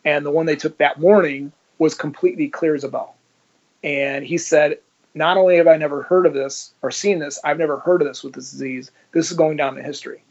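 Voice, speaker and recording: A man's voice: a little high, fairly even intonation, fairly quick. A man telling his own story in an interview, swearing and acting out every exchange. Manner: vivid, swears, acts out dialogue. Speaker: interview guest. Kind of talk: personal storytelling. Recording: dull lo-fi sound.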